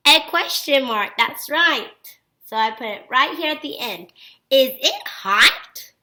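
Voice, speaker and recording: Woman, elementary teacher, high voice, encouraging, expressive read-alouds, praise-filled. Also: measured pace. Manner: upbeat and encouraging, frequent praise. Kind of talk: phonics lesson for young children.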